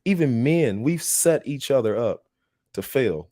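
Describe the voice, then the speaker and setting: Laughing, storytelling man with a mellow voice. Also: medium pitch, slow, no echo, clean studio sound. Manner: animated, laughs often, acts out quoted voices. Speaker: podcast host. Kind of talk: casual storytelling.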